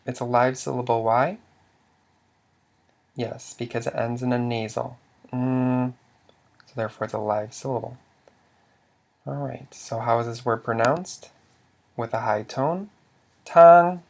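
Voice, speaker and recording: A man's voice: mid-range voice, fairly even intonation, a little slow, gravelly, long pauses. A man teaching a language lesson, patiently quizzing the listener and sounding out example words. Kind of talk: slow instructional explanation.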